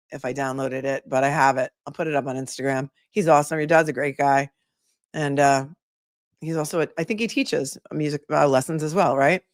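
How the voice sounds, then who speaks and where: Woman livestream host, middle-aged, chatty comment-reader, lowish voice, dry room. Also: no echo. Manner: chatty, reads comments aloud and answers them. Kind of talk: casual livestream chat reading viewer comments.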